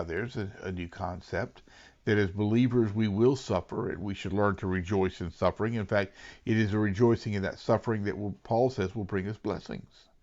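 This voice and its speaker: Pastor guy preaching a sermon, lowish voice, earnest, whispers then gets loud, kinda dull lo-fi sound. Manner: earnest, dramatic, swings between hushed whispers and raised emphatic lines.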